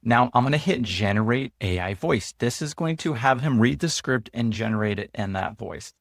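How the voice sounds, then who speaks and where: A man hosting his own channel, walking viewers through an app in a relaxed, chatty way, loose with fillers and restarts. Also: mid-range voice, normal speed, gravelly, dry recording, clean studio sound. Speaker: host and app founder. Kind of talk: casual screen-share walkthrough.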